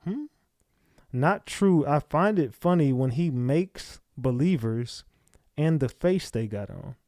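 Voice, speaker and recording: A man's voice: fairly high pitch, lively intonation, slow pace, a little mellow, no echo, studio quality. A man hosting a livestream, reading chat comments aloud and snapping back at viewers in blunt, profane casual talk. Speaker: livestream host.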